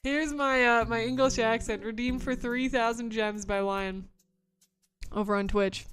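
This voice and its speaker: A woman's voice: fairly high pitch, steady tone, a little slow, fairly bright tone. A woman streamer in casual livestream chat, bubbly and chatty as she reads out viewer messages and thanks them.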